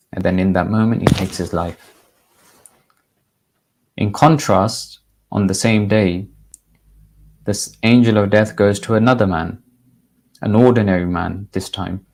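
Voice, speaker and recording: A man who is a religious teacher, telling a moral story in a measured, deliberate sermon style. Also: lowish voice, a little mellow.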